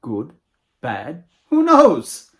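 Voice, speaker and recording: A man voicing a calm, wise court doctor who speaks slowly and serenely. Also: fairly high pitch, full character voice. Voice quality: slow, measured, serene.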